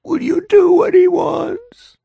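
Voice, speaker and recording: A man voicing a lipless dead woman, high and eerie. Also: gravelly, dry recording, muffled recording, exaggerated voice. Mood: urgent menacing. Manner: high, slow, swinging from whisper to shout. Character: decaying dead woman with lipless clacking teeth, urgent and menacing. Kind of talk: audiobook character voice.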